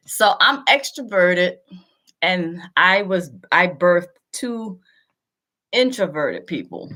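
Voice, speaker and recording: A woman's voice: fairly low pitch, lively intonation, slow, sharp tone. A woman hosting a casual live stream from home into a laptop, talking bluntly and with some profanity, teasing and chatty.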